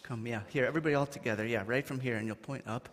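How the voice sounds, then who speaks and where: Rabbi in a reverberant hall. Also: male voice, mid-range voice, very fast. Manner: gentle, playful talk to children. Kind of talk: holiday service talk with children. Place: arts center hall. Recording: long hall reverb, faint music.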